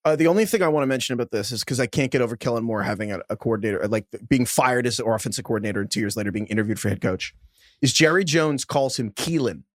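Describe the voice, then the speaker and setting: A man co-hosting a sports podcast, ranting in an animated, exasperated way with quick restarts. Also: medium pitch, dry recording, clean studio sound. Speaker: podcast co-host. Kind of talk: casual sports chat.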